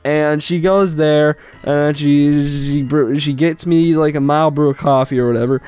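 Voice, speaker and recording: A man improvising a comic story, rambling and halting, full of fillers and swearing. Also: on the high side, steady tone, darkish tone, clean tone, faint music behind.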